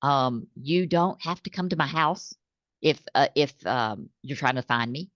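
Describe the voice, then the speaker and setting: A woman, a business owner being interviewed, who talks in an animated way and acts out her customers' phone calls. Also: rumbling low, measured pace, no echo. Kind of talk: conversational interview. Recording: slightly dull dry recording.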